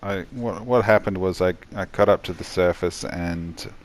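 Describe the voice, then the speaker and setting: A tired man giving a rambling, halting voice-over commentary on his own gameplay, yawning as he goes. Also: low-pitched. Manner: rambling, halting, many restarts and fillers.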